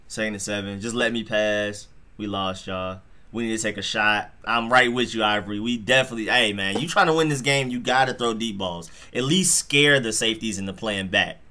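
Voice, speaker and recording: A man hosting a live football reaction stream, talking straight to his chat in an excitable, slangy way. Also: on the low side.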